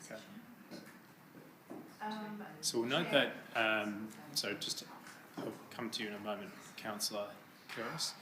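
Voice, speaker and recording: A man chairing a council committee meeting, brisk, procedural and polite. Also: on the low side, noisy background. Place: council chamber. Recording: roomy chamber sound.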